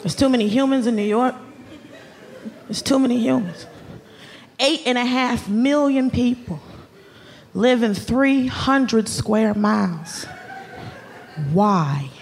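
A woman from Atlanta doing a stand-up comedy set, ranting in an animated, exasperated way with sudden outbursts. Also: on the high side, vocal fry. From Atlanta, US South. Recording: live club with loud audience laughter.

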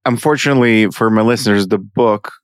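A man hosting a podcast interview, asking questions in a measured, polite way. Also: on the low side, no echo, clean studio sound. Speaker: podcast host.

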